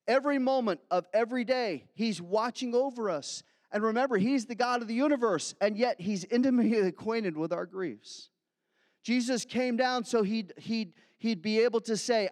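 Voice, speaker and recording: A man's voice: very high-pitched, normal speed, no echo, clean studio sound, big-room sound. A man in his fifties preaching a sermon in a chatty way, slipping into acted asides. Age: 50s. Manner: conversational preaching, growing animated with acted asides. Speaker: pastor.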